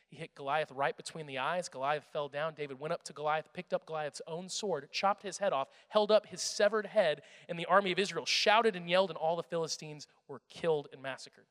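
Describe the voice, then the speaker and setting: A young man preaching a sermon, telling a story with energy and swinging between loud and hushed delivery. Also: fairly high pitch, brisk. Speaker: pastor. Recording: echoey hall.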